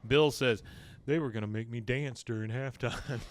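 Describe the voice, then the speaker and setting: A man co-hosting a podcast, casually retelling a cartoon episode and jumping into quick voices for the characters. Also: mid-range voice. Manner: animated, acts out characters' lines in quick put-on voices. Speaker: podcast co-host recapping an episode.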